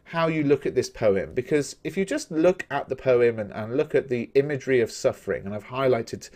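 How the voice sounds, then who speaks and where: A man gives a recorded lesson on a poem, with his voice sitting in an ordinary middle pitch. He explains each point in a measured, methodical way and speaks straight to his viewers. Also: animated, darkish tone. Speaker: teacher. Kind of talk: recorded poetry analysis lesson.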